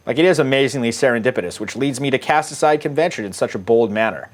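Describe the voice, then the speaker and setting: A man's voice: medium pitch, fast talker, few pauses. Wry, rambling middle-aged man. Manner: wry, rambling, profane, laughs at his own jokes. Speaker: dating coach. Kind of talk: casual commentary reading out dating-app messages.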